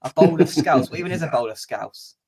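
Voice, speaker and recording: A young man with a fairly high, gravelly voice hosts a football fan channel's match preview, sounding animated and brisk over a loud crowd. He chats casually and wryly, with lots of "uh" fillers.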